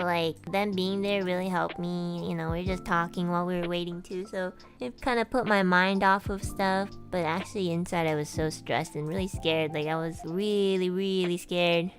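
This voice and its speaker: A woman's voice: medium pitch, brisk, few pauses, soft background music. A young woman streamer from Canada casually telling a story, swearing, laughing and acting out what others said. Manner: animated, swearing, laughing asides, acts out quotes. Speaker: VTuber streamer.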